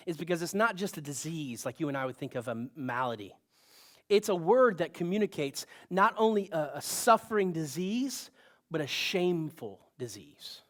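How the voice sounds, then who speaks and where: A male pastor giving a sermon in a conversational style, with asides and bursts of rising emphasis. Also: fairly high pitch.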